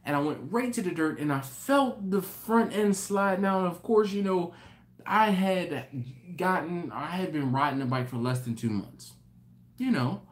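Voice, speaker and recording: A man hosting a live stream, telling a story in an animated, rambling way with many restarts. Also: high-pitched. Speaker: host. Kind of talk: casual live-stream chat.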